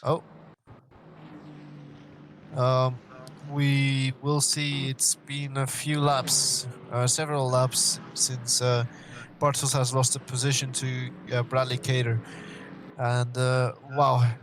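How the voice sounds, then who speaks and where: A man commentating a live sim race, excitable and full of fillers and exclamations. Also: mid-range voice, slow, pauses often, slight background noise.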